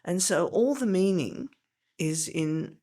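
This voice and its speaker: A woman's voice: on the low side, animated, slow pace, warm tone. An older woman, a veteran teacher explaining in a podcast interview, emphatic and step by step.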